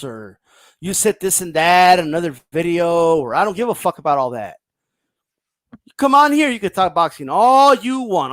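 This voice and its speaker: Profane high-voiced man ranting on a stream. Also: fairly bright tone, no echo. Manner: profane, blunt, ranting, reads viewer comments aloud. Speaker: boxing livestream host. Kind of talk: casual livestream rant.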